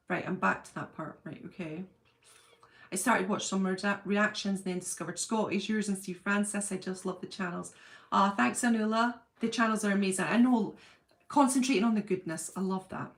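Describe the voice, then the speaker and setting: A middle-aged woman hosting a live chat, talking casually and reading out viewer comments, rambling and laughing often. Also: mid-range voice. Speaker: livestream host.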